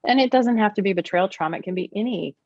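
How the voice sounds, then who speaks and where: A woman's voice: medium pitch, quick pace, darkish tone, no room sound, highs cut off. A woman guest on a podcast, explaining her ideas earnestly, with occasional laughs. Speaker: podcast guest, therapist and teacher. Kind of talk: podcast conversation.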